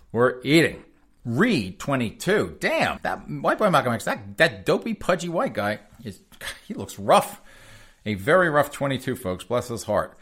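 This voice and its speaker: A man's voice: medium pitch, a bit bright. A man hosting a sarcastic news commentary show, rambling and chuckling as he addresses his audience as folks. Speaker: host.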